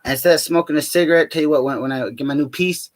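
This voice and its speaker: Guy rambling on his vlog, cussing, laughing a lot, kinda high voice. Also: racing. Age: adult with a child. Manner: rambling, profane, laughs often, fillers like man. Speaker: vlogger.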